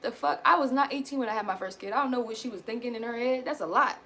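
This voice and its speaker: A woman in her thirties venting candidly to her viewers, blunt and animated, swearing casually and calling them y'all. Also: on the high side, very fast, slight background noise. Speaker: self-help vlogger.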